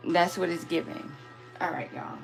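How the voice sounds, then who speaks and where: A woman's voice: fairly low pitch, steady tone, moderate pace, gravelly, soft background music. A woman hosting a casual live spiritual reading on her phone camera, chatty and affectionate toward her viewers. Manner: affectionate, chatty, calls viewers "my babies" and "y'all".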